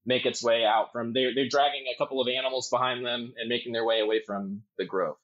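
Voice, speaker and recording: A man narrating as game master, halting with many ums and uhs. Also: mid-range voice, steady tone, a bit bright. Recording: dull lo-fi audio.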